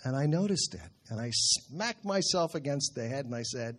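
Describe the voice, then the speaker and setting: A middle-aged man preaching in an earnest, conversational way, slowing down to quote scripture. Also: medium pitch, animated, a bit bright. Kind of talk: sermon.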